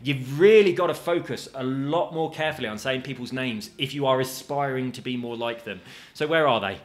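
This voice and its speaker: A gaming video host with a medium-pitched voice talks fairly quickly through a let's-play. His commentary is chatty and jokey, with casual swearing and asides to his viewers.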